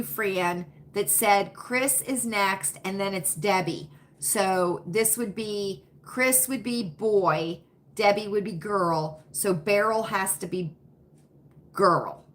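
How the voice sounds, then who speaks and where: A woman's voice: mid-range voice, slow pace, fairly bright tone. A woman hosting a live stream, chatting folksily with viewers and answering their comments by name. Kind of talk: casual chat with live viewers.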